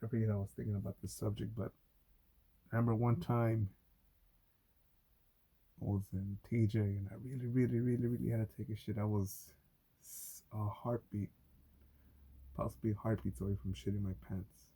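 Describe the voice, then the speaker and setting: A man telling stories in a casual, rambling monologue, cursing often and getting animated. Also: fairly low pitch, normal speed, pauses often, husky. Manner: profane, animated storytelling. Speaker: vlogger.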